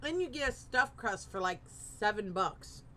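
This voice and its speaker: A woman's voice: medium pitch, animated, moderate pace, bright, forceful tone, slight background noise. A woman streamer in her thirties, chatting casually and encouragingly with her viewers while gaming, a bit rambling.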